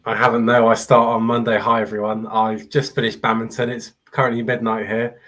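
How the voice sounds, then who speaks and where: A man's voice: on the low side, flat delivery, brisk, fairly bright tone. A man with a British accent chatting on a livestream panel, brash and teasing, swearing freely over a remote call mic. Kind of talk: casual chat.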